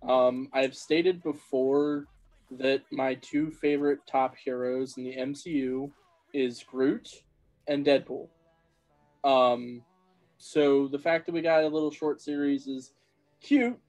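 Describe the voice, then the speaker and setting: A man's voice: medium pitch, steady tone, slow, darkish tone, faint music behind, poor audio. A man talking as a guest on a casual podcast, upbeat and laughing often.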